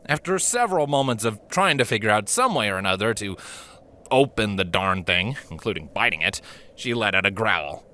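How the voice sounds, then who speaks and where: A man narrating a fan story aloud in a lively, expressive storytelling manner. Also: lowish voice, moderate pace. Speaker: reader.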